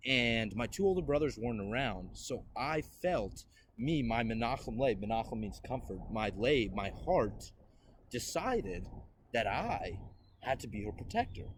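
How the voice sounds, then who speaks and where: Animated young man telling a story. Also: medium pitch, a little slow, a little hiss or hum. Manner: animated storyteller, acts out quotes, swears freely. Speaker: podcast host. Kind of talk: casual podcast chat.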